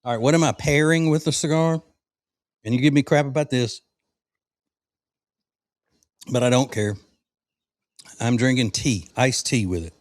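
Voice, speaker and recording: A man's voice: medium pitch, moderate pace, long pauses, no echo, clean studio sound. A middle-aged man from the South, hosting a casual cigar-smoking podcast chat in a rambling, folksy way with fillers and restarts. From American South. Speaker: podcast host.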